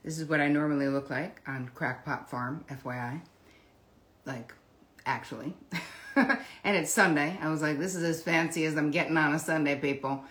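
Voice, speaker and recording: Casting: woman livestream host, low voice, chatty, greets viewers one by one. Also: moderate pace, a bit bright. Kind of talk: casual live-stream chat.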